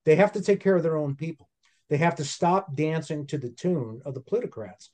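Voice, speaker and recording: A man's voice: on the high side, a little fast, a little mellow. A man in casual political chat, emphatic and insistent. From United States.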